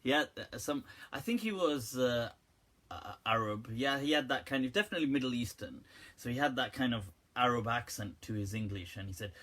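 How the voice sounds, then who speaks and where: A man's voice: mid-range voice, brisk, bright, forceful tone. A man, a religious teacher, giving an informal question-and-answer talk, telling anecdotes with frequent laughter and quoting poetry. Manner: anecdotal, laughs often, quotes Urdu poetry.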